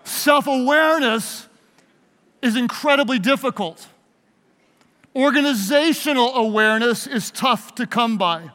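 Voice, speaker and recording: Unhurried and sharp-toned, this man's very high voice fills a large hall where he, a pastor, delivers a leadership talk. He plays with the live audience, speaks emphatically and draws them into call-and-response, with long reverb on the recording.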